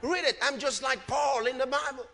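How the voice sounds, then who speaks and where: A man preaching a sermon emphatically, often rising to shouts and dropping low on repeated refrains. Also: steady tone, normal speed, gravelly, a little hiss or hum. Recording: long hall reverb.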